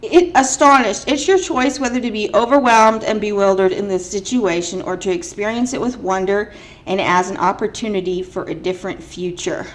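A woman's voice: medium pitch, normal speed. A woman giving a casual spiritual card reading straight to camera, chatty and emphatic. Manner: chatty, emphatic, lots of filler "like". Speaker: tarot card reader.

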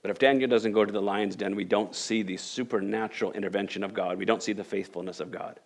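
Animated male pastor preaching. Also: on the low side, quick pace. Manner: animated preaching, swells to emphatic rhetorical questions; repeats and restarts phrases while reading scripture aloud. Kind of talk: sermon.

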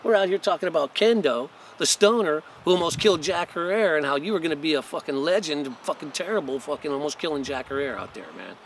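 A man voicing his rowdy stoner buddy, crude and teasing, in a raised, loud voice. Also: on the high side, animated, quick pace, hardly any pauses, slight background noise, pitched above the performer's own voice. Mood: gleeful teasing.

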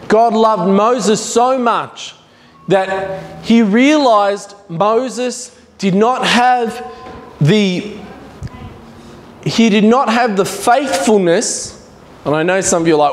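A man's voice: high voice, takes it slowly. A man preaching a sermon as a visiting preacher, earnest and emphatic, repeating his points. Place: church. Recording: echoey church hall.

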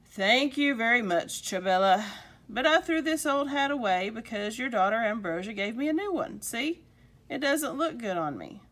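Woman voicing a kindly old storybook man, gentle and fussy, lively pitch. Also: moderate pace. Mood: fond. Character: kindly old man fretting over his hat.

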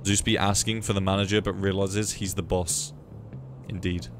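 A man's voice: sits low, little pitch movement, moderate pace, over music. A young man streaming a game, chatting casually, swearing freely and reading chat aloud. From United Kingdom. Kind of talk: casual live gameplay commentary.

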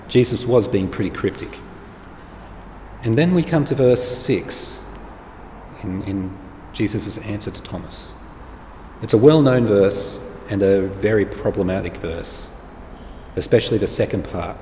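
A man's voice: fairly low pitch, unhurried, long pauses, a little mellow. A man preaching a conversational sermon to viewers at home, in a plain-spoken, informal way. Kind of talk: conversational sermon to an online congregation. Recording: echoey hall with faint background noise.

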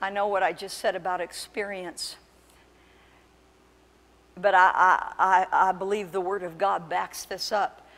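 A woman pastor preaching a sermon with impassioned, emphatic delivery that surges to loud peaks. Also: lowish voice, little pitch movement, a little slow, pauses often, long reverb tail, a little hiss or hum. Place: church sanctuary.

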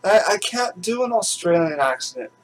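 A man's voice: sits high, big pitch swings, normal speed, low-quality recording. A man hosting his own channel at home, chatting casually and rambling with lots of fillers and restarts. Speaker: channel host. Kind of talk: casual chat.

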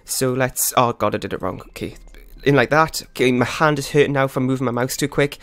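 A man's voice: medium pitch, fairly quick, a bit bright, dry recording. Male gaming host, frazzled running commentary, talks in a mid-range voice, dry close sound on a desk mic. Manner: flustered, rambling, self-critical. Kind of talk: live gameplay commentary. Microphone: desktop USB microphone.

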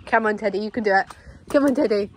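A woman's voice: mid-range voice, fast, slight background noise. A young woman and mother, chatting playfully in her back garden and coaxing her dogs in a sing-song voice. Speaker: vlogger and mother. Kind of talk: casual chat with pets and child.

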